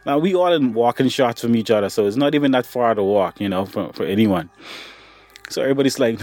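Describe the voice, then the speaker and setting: Speaking fast and animatedly in a mid-range, slightly mellow voice, an adult man recounts a personal story from his childhood on a podcast. He addresses the listener like a pal, tossing in "buddy" and "boy."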